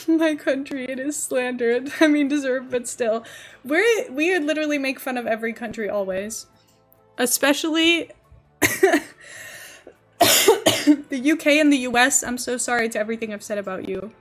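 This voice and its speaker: A woman's voice: high-pitched, normal speed, long pauses, faint music behind. A young woman streaming live, rambling casually and thinking aloud as she builds in a game. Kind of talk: casual livestream chat while building in a game.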